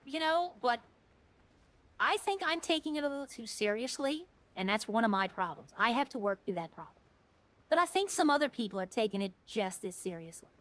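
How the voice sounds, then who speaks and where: A woman's voice: on the high side, expressive, fairly quick, fairly bright tone, poor audio. A woman streamer chatting casually while playing a game, rambling and earnest, often restarting her sentences.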